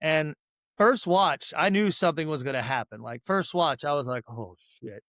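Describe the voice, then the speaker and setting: A man's voice: a little high, expressive, moderate pace, fairly bright tone, dry recording, studio quality. A man co-hosting a podcast, recapping a movie in a loose, rambling way with lots of swearing and fillers. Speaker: podcast co-host. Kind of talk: casual movie recap chat.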